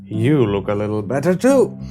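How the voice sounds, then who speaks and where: A man reading aloud voices a wounded, weary gunslinger who speaks in a quiet, husky murmur with short, flat replies. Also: lowish voice, normal speed. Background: guitar music.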